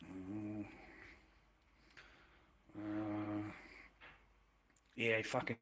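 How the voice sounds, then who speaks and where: A man's voice: medium pitch, normal speed, pauses often, fairly bright tone, breathy edge. An Australian man livestreaming to his chat, combative and swearing, with taunting insults. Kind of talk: profane livestream rant.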